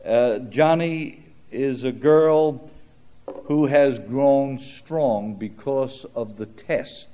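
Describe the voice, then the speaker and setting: A man's voice: medium pitch, extremely slow, mellow. An older man preaching a sermon, telling stories in a conversational way with frequent "uh" fillers. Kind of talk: sermon with storytelling.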